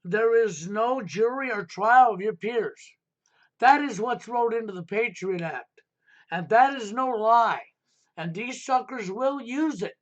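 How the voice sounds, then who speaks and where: A man's voice: high voice, expressive, unhurried, highs cut off. A man hosting a live stream, ranting insistently and repeating rhetorical questions. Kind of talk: heated political talk stream.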